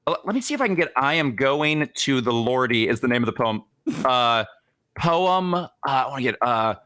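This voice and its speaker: Animated bright-voiced young man telling a story. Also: on the high side. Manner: animated, jumps into exaggerated quoted voices. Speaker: podcast co-host. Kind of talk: casual comedic history storytelling.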